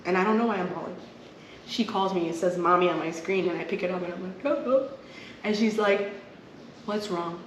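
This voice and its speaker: A woman's voice: on the low side, fairly even intonation, fast talker. A woman co-hosting a podcast, telling personal stories in an earnest, open, emotional way. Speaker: podcast co-host. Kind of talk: casual chat. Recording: echoey room, faint noise.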